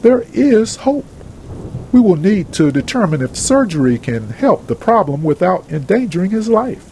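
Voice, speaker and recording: Man reading as storybook hospital doctor, formal and measured, gravelly, lively rise and fall. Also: sits high, a little hiss or hum, full character voice, low-quality recording. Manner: measured, formal bedside manner. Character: calm male hospital doctor delivering news.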